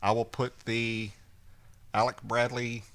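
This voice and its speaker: A man's voice: medium pitch, level tone, slow, a bit bright. A man co-hosting a casual podcast chat, telling stories with quoted lines and a laugh. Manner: storytelling with acted quotes and laughter. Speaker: podcast co-host.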